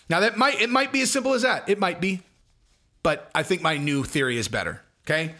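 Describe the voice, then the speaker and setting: A man hosting his own commentary channel, talking fast and emphatically. His voice sits a little high and comes across bright and forceful. He circles back and repeats himself to drive each point home. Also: big pitch swings. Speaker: channel host.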